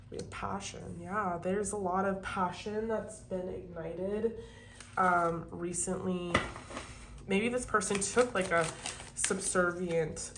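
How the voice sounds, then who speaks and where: A woman's voice: fairly low pitch, heavy background noise. Chatty woman reading tarot cards. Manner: chatty and swearing, talks to viewers. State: sniffling from allergies. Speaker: tarot reader. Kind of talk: casual tarot reading monologue. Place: home, kept quiet for sleeping child.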